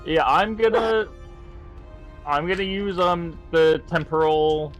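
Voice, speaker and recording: A man playing in a tabletop game, talking casually and haltingly with many fillers. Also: fairly high pitch, steady tone, highs cut off, soft background music. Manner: hesitant, many fillers, describes spells loosely. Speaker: player.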